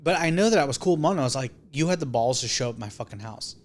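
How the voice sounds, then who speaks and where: Homme qui raconte une histoire en jurant. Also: male voice, mid-range voice, lively intonation, very fast, a little hiss or hum. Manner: profane, rambling, acts out quotes. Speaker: podcast guest. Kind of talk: casual storytelling.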